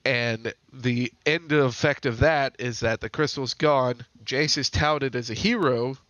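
A man's voice: medium pitch, a little slow, fairly bright tone, dry recording, lo-fi sound. Dry-sounding man recapping lore casually. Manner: retells the story in long run-on stretches, with fillers. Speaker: podcast co-host.

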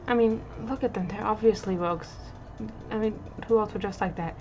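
A woman streaming a game, making quiet, wry asides between the character voices. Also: mid-range voice, brisk, muffled recording. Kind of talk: casual game commentary.

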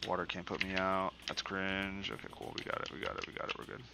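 A man giving casual, profane, excitable commentary while playing a video game. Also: sits low, fast talker, very noisy. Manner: profane, excitable trash talk. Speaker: gaming commentator.

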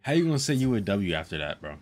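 A young man live-streaming a game, chatting casually, swearing and laughing often in an excitable way. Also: fairly low pitch, fast talker, a little hiss or hum.

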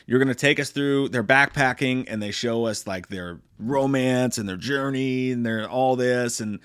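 A man's voice: mid-range voice, normal speed, clean tone, no room sound, clean studio sound. A man giving a casual, profane and joking spoken movie review. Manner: profane, joking, animated retelling.

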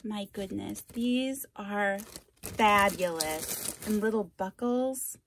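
A woman hosting a craft vlog, opening a package on camera and gushing with delight, with frequent exclamations and breathy asides. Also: medium pitch, slow, a little hiss or hum. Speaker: craft channel host. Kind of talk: unboxing vlog.

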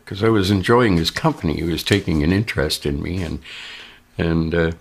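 A man's voice: deep voice, normal speed, creaky, pauses often, a little hiss or hum. A man giving a plain, rambling first-person account as a witness. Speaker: abduction witness.

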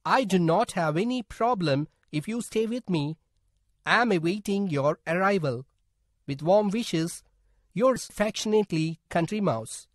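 A man voicing cartoon mice who read polite letters in a soft, formal way. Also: sits high, animated, measured pace, no room sound, studio quality, pitched above the performer's own voice.

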